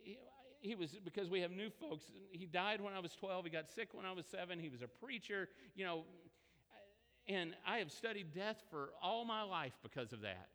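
Bright-voiced man preaching a sermon. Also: normal speed, in a large hall. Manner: conversational storytelling, animated pitch swings. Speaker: pastor.

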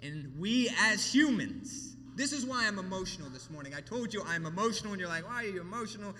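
A man preaching a sermon from a church platform, with emphatic rises and hushed drops in his delivery. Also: high voice, expressive, fairly quick, few pauses, big-room sound, a little hiss or hum. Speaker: pastor.

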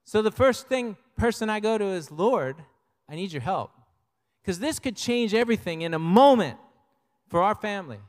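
A man's voice: high voice, fairly quick, clear, resonant tone, big-room sound. An older man preaching a sermon as pastor, in a conversational way, with personal stories.

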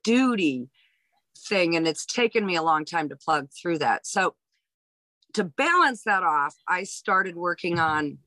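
Comedian in her fifties from Hawaii, lower voice, dry close sound, animated storyteller. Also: no echo, low-quality recording. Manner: animated storyteller, lots of restarts. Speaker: guest, stand-up comedian. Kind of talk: casual storytelling interview.

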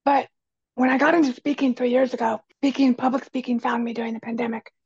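Earnest raspy woman guest, very husky, dry close recording, lo-fi. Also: on the high side, level tone, quick pace, no echo. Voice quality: raspy, quiet voice. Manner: earnest and emphatic, repeats key phrases. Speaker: podcast guest, speaker and kitchen coach. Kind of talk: casual conversation.

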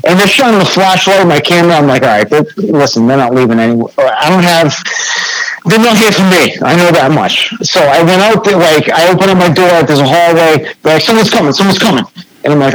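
A man's voice: on the high side, expressive, fairly quick, poor audio. A young man with a New England accent, a graffiti artist telling a story as a podcast guest in a laid-back, swearing, filler-heavy way. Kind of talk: casual storytelling chat.

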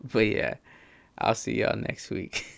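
A man's voice: fairly low pitch, expressive, slow pace, creaky, fairly bright tone, dry recording. A man hosting a comic monologue, rambling in slangy, profane talk.

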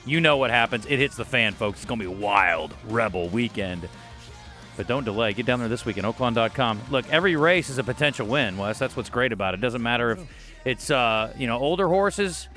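A man hosting a sports radio show, chatting casually and doing upbeat live ad reads. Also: bright, forceful tone. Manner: upbeat pitchman on the sponsor reads.

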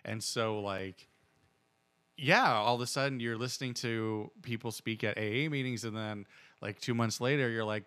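A man co-hosting a casual podcast chat, talking in a relaxed, reflective way and sharing from his own past. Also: medium pitch, moderate pace. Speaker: podcast co-host.

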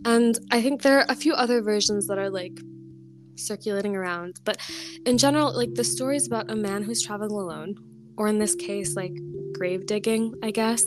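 A young woman co-hosting a podcast who reads an old folk tale aloud with lively voices for the characters, then chats casually with lots of "like" and laughter. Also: mid-range voice, a little fast, over music. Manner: animated reading with voiced characters, chatty with many likes and laughs. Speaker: podcast co-host.

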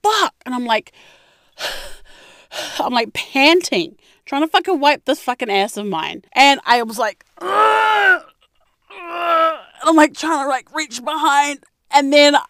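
A young woman tells stories to her audience in a brash, foul-mouthed rant, her voice sitting a little high and jumping up in loud bursts. The sound is dry and close, with no room around it. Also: a little slow, dry recording. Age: young adult. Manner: brash, swearing constantly, animated with sudden high outbursts. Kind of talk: profane storytelling rant to camera.

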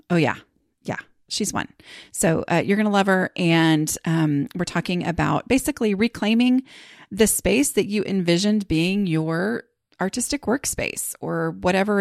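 Woman, podcast host, casual rambling chat, gravelly fry, dry sound. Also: mid-range voice, dry recording. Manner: chatty, rambling, lots of fillers and restarts.

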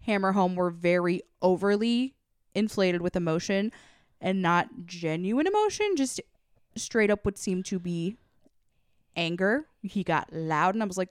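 A woman co-hosting a comedy podcast, talking in a measured, thoughtful casual way. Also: expressive, smooth, no echo, studio quality. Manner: thoughtful, measured, with "like" and "low-key". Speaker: podcast co-host.

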